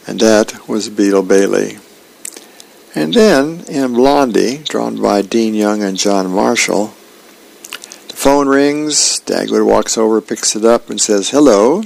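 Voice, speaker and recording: A male radio host reading comic strips aloud in a relaxed, unhurried way. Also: on the low side, gravelly, poor audio.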